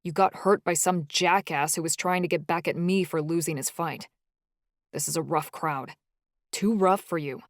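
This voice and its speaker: A woman voicing a protective young man who speaks in a low, strained, subdued way in an audiobook. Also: moderate pace, dry recording, studio quality, lightly acted. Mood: disappointed.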